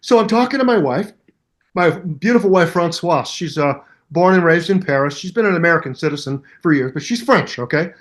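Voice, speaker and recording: In a relaxed interview, a guest who is an older musician spins animated anecdotes, mimicking voices and noises along the way. He speaks fairly quickly in a voice on the high side.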